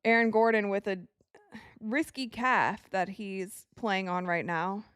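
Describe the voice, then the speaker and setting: A young woman hosting a live basketball watch party, calling plays excitedly and talking to her viewers. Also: medium pitch, slow, clear, resonant tone, no room sound, studio quality. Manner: excitable, reacts loudly to plays, talks to viewers as you guys. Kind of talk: live game commentary to chat.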